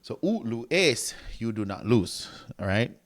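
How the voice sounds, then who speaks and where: A man's voice: medium pitch, big pitch swings, slow pace. Man teaching a language lesson. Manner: explains step by step, often checks with "right?"; reads from a textbook and writes on a board. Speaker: Greek teacher. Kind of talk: recorded classroom lecture.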